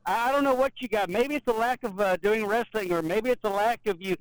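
A man's voice: high-pitched, fairly quick, clean tone, dry recording, poor audio. A man from Tennessee with a Southern accent, co-hosting a podcast in a joking, giggly way. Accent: Southern American. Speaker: podcast co-host. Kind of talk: casual chat.

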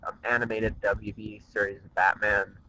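A man co-hosting a podcast in casual chat, excitable and giggly, talking on a cell phone. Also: fairly low pitch, moderate pace, poor audio. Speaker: podcast co-host.

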